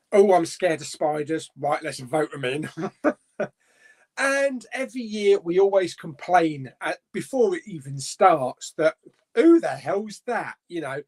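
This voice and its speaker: Chatty man, slightly high voice. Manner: chatty and easygoing, with frequent little laughs. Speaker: host of a live chat stream. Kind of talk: casual live chat, reading out viewer comments.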